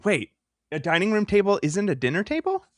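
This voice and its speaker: A man's voice: high-pitched, huge pitch swings, a little fast, fairly bright tone, no echo, studio quality. A man co-hosting a podcast in a playful, casual chat, laughing often. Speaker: podcast co-host.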